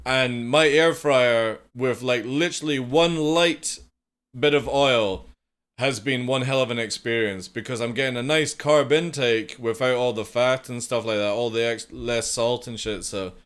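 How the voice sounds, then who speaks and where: A man's voice: mid-range voice, measured pace, fairly bright tone, smooth. Chatty young man streaming. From United Kingdom. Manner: rambling, chatty, swears casually, reads chat aloud. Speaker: live streamer. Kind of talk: casual chat with viewers.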